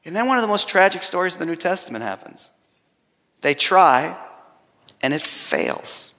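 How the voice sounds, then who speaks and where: Male preacher, earnest storytelling with humor; a touch high-pitched, in a big echoing hall. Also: big pitch swings, moderate pace, pushed and bright. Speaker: pastor. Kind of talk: sermon.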